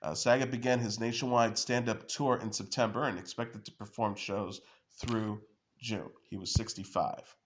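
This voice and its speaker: A man's voice: lowish voice, fairly even intonation, normal speed, noisy background. A man hosting an entertainment news show, reading stories and quoted tributes aloud with frequent "uh" fillers and small restarts.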